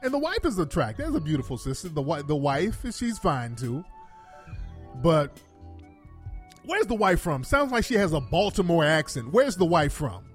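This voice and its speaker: Animated, cursing man commentator. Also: fairly high pitch, normal speed, faint music behind. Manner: animated, profane, laughing asides. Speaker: commentary host. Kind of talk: casual commentary.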